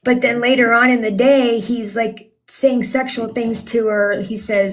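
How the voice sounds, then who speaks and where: A woman's voice: fairly high pitch, steady tone, unhurried. A woman speaking as a guest on a livestream, telling a story at length in an indignant, rambling way with many ums. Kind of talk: casual livestream talk.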